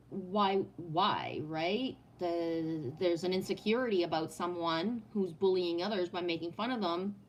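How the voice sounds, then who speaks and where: Brief: woman streamer at home without a headset, blunt and profane, mid-pitched, chatty. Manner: blunt and profane, keeps asking "right?". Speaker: live streamer. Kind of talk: casual live-stream talk, answering chat. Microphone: no headset, sound heard in the room.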